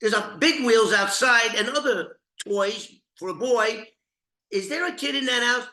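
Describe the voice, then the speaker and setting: A man voicing a furious old-school male hitman, shouting profane threats. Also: extremely high pitch, measured pace, voice pushed up, full character voice. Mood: alarmed. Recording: roomy echoey room.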